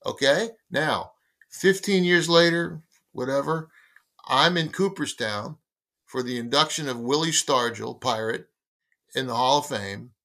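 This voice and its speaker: A man's voice: medium pitch, a little slow. A man in his sixties, a guest on a talk show, telling a long anecdote and acting out the dialogue of the people in it. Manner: lively storyteller acting out dialogue. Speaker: guest, baseball magazine editor. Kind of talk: storytelling anecdote in conversation.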